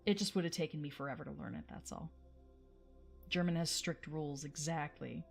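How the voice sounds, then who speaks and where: A woman's voice: low voice, fairly quick, vocal fry, slightly rough, faint music behind. A woman hosting a livestream, chatting casually with viewers in a rambling way and laughing often. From United States. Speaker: livestream host.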